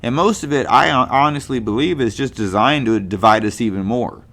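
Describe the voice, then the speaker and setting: A man's voice: medium pitch, brisk, fairly bright tone. A middle-aged man from California hosting a casual monologue show, rambling in a folksy way with lots of fillers and restarts. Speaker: podcast host.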